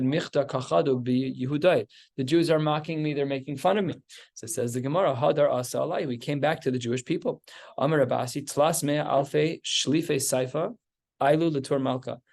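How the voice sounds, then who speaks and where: Gravelly-voiced rabbi teaching Talmud. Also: male voice, mid-range voice, darkish tone. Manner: reads Aramaic then translates, conversational. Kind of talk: Talmud lesson.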